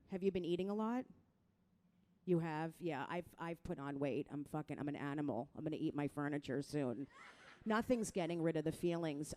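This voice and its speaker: A middle-aged woman from New Jersey doing a crude, self-mocking stand-up set, talking straight to the crowd and jumping into loud mock voices. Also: low-pitched. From New Jersey, USA. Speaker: stand-up comedian.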